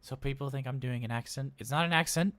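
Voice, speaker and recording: A fast-talking man with a medium, slightly bright voice plays a nervous yet happy male robot daycare attendant during a live role-play stream. The character chats, gets flustered, and rambles with stammers, while the man's voice stays close to everyday speech over soft background music, with no echo.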